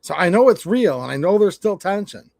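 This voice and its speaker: A man's voice: high voice, big pitch swings, brisk, vocal fry, darkish tone, dry recording. A man from Michigan with a Michigan accent, hosting a casual livestream rant, blunt and swearing as he tells stories. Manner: blunt, swearing, storytelling with quoted exchanges. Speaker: channel host.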